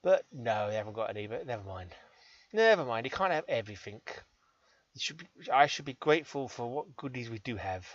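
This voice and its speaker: A man's voice: medium pitch, big pitch swings, fairly quick, no echo, dull audio. An English man rambling cheekily through gameplay commentary, joking at his own expense. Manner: cheeky, self-deprecating, chatty. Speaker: gaming channel host.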